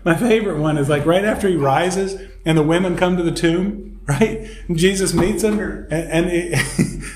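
A man's voice: sits high, normal speed, a little hiss or hum. A man leading a Bible study class in a church room, teaching casually and acting out quotes with laughs. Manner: animated, laughs often, acts out quotes. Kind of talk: casual teaching in a group discussion. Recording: echoey room recording with group chatter.

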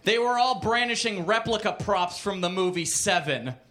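A man's voice: sits high, expressive, moderate pace. A man reading a crude comic story aloud on a comedy club stage, with mock-literary narration. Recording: noisy live club recording.

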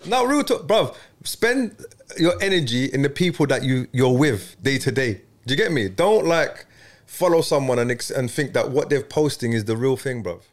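A man, hosting a casual podcast chat and making his points in a preachy, animated way. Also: mid-range voice, moderate pace. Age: 30s. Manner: animated, preachy, peppers speech with "bruv".

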